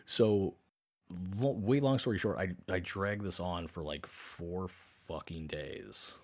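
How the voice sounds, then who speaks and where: Profane, animated man telling a story. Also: deep voice, takes it slowly. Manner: animated, profane, acts out both sides of chats. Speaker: podcast co-host. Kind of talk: casual storytelling chat.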